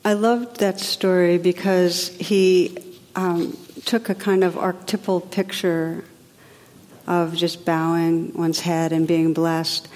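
A woman meditation teacher giving a spiritual talk in a gentle, reflective, unhurried way with soft drops in her voice. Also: lowish voice, level tone. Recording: long reverb of a large hall.

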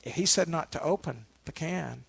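A man giving a meditation dharma talk, a relaxed storyteller who adds asides to his listeners. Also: on the high side, moderate pace, creaky, slightly rough. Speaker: meditation teacher.

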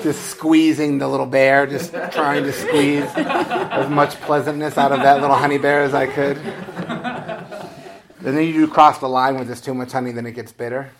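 A male meditation teacher giving a dharma talk in a relaxed, conversational way. His mid-range voice has a gravelly, creaky texture, and he keeps it self-deprecating with frequent chuckles. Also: mid-range voice, very noisy.

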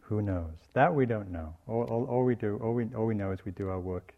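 A man giving a dharma talk as a meditation teacher, in a gentle and reflective teaching tone. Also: fairly low pitch, a little fast, gravelly, phone-quality sound. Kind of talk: dharma talk on loving-kindness.

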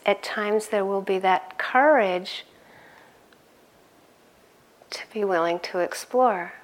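A middle-aged woman giving a conversational dharma talk as a meditation teacher, laughing often and growing animated in her stories. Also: mid-range voice.

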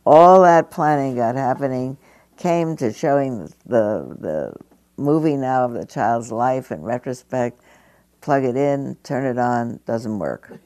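A woman's voice: extremely low pitch, lively intonation, slow pace, a little mellow, no room sound. A woman over seventy giving a meditation teacher's dharma talk to an audience, conversational and storytelling, with frequent chuckles. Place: meditation hall.

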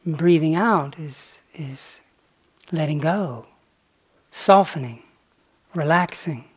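A man giving a dharma talk on retreat as a meditation teacher, reflective and unhurried, with playful asides. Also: a little high, breathy edge.

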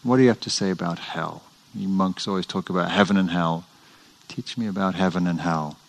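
A man voicing a brash, angry samurai who demands answers loudly. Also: low voice, a little fast, gravelly, low-quality recording. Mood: demanding. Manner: demanding, loud.

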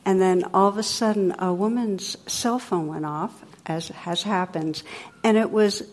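A middle-aged woman giving a dharma talk as a meditation teacher, telling stories in a gentle, conversational way. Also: medium pitch, unhurried. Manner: gentle, conversational storytelling with playful sound effects.

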